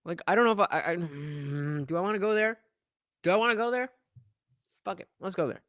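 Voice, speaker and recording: A man's voice: high-pitched, fast, a bit bright, dry recording. Sarcastic man ranting, dry close sound. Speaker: commentary channel host. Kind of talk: reaction commentary.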